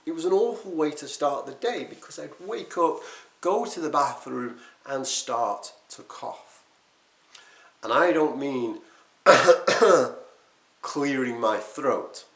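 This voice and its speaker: Animated man in an echoey room. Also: medium pitch, takes it slowly. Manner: animated, emphatic, self-deprecating. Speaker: quit-smoking coach and vlogger. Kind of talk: unscripted talk to camera.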